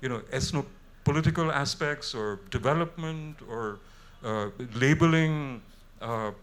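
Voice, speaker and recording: A man's voice: medium pitch, measured pace, a bit bright. Fiery middle-aged Indian English man on stage. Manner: fiery, rhetorical, gets worked up. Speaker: panelist. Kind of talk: impassioned panel talk. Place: festival stage before an audience. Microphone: handheld microphone.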